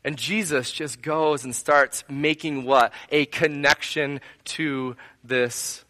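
A man's voice: fairly high pitch, fairly even intonation, takes it slowly, sharp tone. A man preaching a sermon to his congregation, earnest, building repeated phrases into lists and asking them direct questions. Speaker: pastor.

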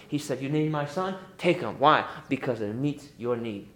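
A middle-aged man preaching a sermon as pastor, lively and emphatic, pushing up into high exclamations. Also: moderate pace, few pauses. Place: church sanctuary. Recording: echoey church room.

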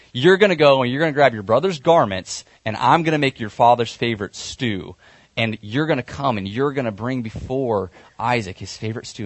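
A man's voice: medium pitch, no room sound. A man preaching a sermon, retelling a Bible story in a conversational way, with fillers and self-corrections.

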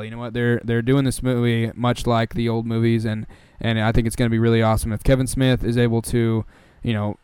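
A man hosting a podcast speaks in a flat, even tone and keeps filling his sentences with hesitations. His voice is smooth and clear, recorded close and dry with no room sound. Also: mid-range voice, no echo. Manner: hesitant, full of fillers and hedging. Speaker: podcast host. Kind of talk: casual podcast chat.

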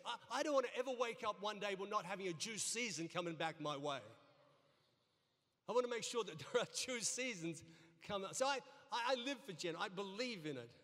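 A middle-aged male pastor with a high-pitched, fairly bright voice preaches a sermon in a church sanctuary. He tells folksy, humorous stories and often repeats his words, and the long reverb of the church hall fills the recording.

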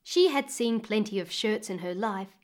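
A woman narrating a fairy tale expressively with dramatic pauses, as a storyteller reading a book. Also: medium pitch.

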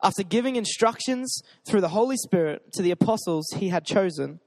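A young man with a notably high voice delivers a sermon at a church gathering. He is casual and joking, reads scripture aloud, then spurs the crowd with "come on.". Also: expressive, a little fast. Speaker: pastor.

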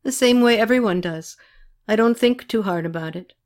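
A woman reading a novel aloud, voicing a seasoned male field doctor who gives calm, blunt advice. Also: fairly high pitch, normal speed, pitched above the performer's own voice, lightly acted. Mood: steady.

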